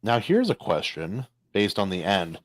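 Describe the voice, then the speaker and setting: Low-voiced man, excitable comic chat. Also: measured pace, background noise. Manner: excitable, jumps in with rising pitch, stumbles and restarts. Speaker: podcast co-host. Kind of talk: casual comic discussion.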